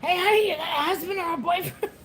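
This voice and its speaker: Brash old guy sweet-talking, pitched way up high as a lady acts him out. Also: fast talker, fairly bright tone, slight background noise. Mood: flirty.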